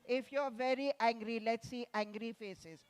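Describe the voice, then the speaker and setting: A woman guides a group of children through a storytelling session, speaking slowly and deliberately. Her voice sits a little high, and she coaxes answers from the kids with playful prompts. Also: fairly even intonation, clear, resonant tone. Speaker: children's author at a festival session. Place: festival venue.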